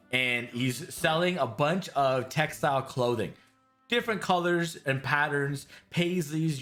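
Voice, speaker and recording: A man's voice: mid-range voice, a bit bright. A man running a tabletop game as game master, narrating loosely and chattily with frequent fillers.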